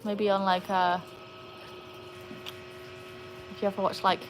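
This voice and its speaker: An Englishwoman in easy conversation on a live stream, recorded outside in the shade of a yard. Her voice sits at an ordinary middle pitch, and she breaks into high, excited calls whenever she turns to her dogs. There is a faint wash of outdoor sound behind her. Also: fast, slight background noise, poor audio. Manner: chatty, jumps to high excited tones when calling to her dogs. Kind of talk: casual live-stream chat.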